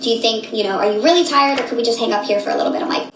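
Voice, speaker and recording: A woman in her late twenties telling a story casually, animated and slangy, acting out what people said. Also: a little high, very fast, roomy sound, slight background noise, poor audio. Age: late 20s. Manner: animated, slangy, acts out quotes.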